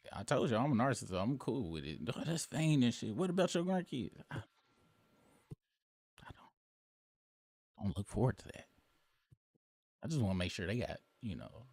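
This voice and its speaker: A man in his late thirties talks straight to his audience in a loose, rambling monologue, swearing freely and leaning hard on certain words. His voice sits low, and the sound is dry and close with no room echo. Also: vocal fry, a little mellow. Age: late 30s. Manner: rambling, profane, emphatic. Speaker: show host. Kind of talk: casual commentary monologue.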